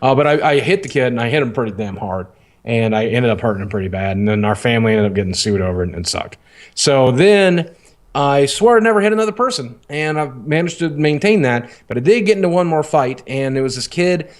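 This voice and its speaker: Guy on a podcast, rambling candid story, swears a lot, middle pitch. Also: brisk. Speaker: podcast co-host. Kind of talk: casual storytelling.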